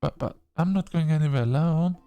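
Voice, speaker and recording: A jumpy young protagonist from a game reading, voice high and strained, stumbling over words, as a man acts it out. Soft guitar music plays faintly behind. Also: fairly quick, clean tone, lightly acted. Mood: anxious, defensive. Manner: high, panicky, stammering. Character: frightened, tearful young protagonist.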